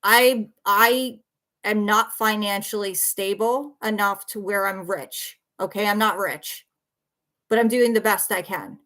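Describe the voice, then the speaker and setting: Her voice is medium-pitched, unhurried, bright and forceful as this worn-out woman delivers a heated, defensive livestream rant. She's blunt, swears, and repeats herself while responding to viewers.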